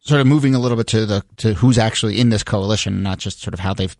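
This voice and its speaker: A man's voice: lowish voice, quick pace, no echo, studio quality. A man hosting a podcast, steering the discussion with questions and reading the sign-off. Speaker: podcast host. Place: studio. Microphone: studio mic.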